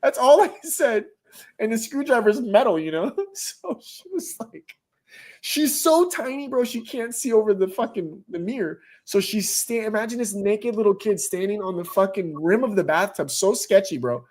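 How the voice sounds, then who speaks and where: A man hosting a casual stream, telling a family story in an animated way, swearing freely and calling everyone "bro". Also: sits high, normal speed. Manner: animated, profane, says "bro" a lot. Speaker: stream host.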